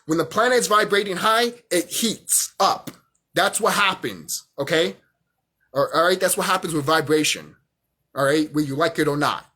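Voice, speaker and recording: Young guy ranting angry on his vlog, swearing a lot, high husky voice. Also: normal speed, sharp tone. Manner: heated, profane, repeats himself. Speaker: vlogger. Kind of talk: angry rant monologue.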